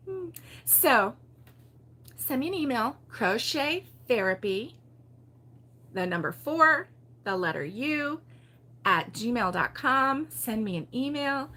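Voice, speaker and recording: A woman's voice: high-pitched, sharp tone. An older woman from Baltimore hosting a casual crochet livestream, chatty and giggly, rambling with lots of ums. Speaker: crochet show host.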